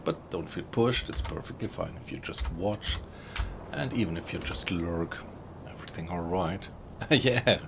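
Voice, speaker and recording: A man's voice: deep voice, moderate pace, creaky, noisy background. A man with a German accent, chatting casually to viewers while streaming a video game. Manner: chatty, thanks viewers, laughs often. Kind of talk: casual live-stream commentary.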